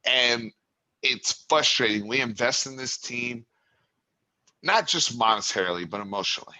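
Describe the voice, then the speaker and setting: A man hosting an instant-reaction sports talk show, a frustrated fan venting about the game, at times raising his voice to a yell. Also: mid-range voice, lively intonation, normal speed, low-quality recording. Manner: impassioned, builds to yelling.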